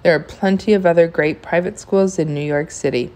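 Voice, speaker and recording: A woman's voice: fairly low pitch, brisk, darkish tone, natural voice. A woman reading aloud, voicing a middle-aged father who scolds his son firmly in a raised voice. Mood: stern. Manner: firm, scolding.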